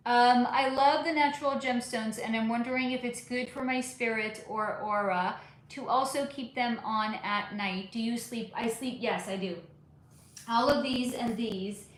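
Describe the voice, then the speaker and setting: A woman hosting a spiritual reading live stream. She answers chat questions in a casual, rambling way with many fillers. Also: a little high. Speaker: spiritual reader and channel host. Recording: very echoey room.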